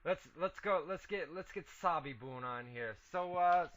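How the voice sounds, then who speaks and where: A man's voice: a little high, measured pace, a bit bright. A man co-hosting an internet radio show in casual profane banter. He keeps teasing his partner and calling him buddy, and he laughs often. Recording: dull lo-fi internet radio audio.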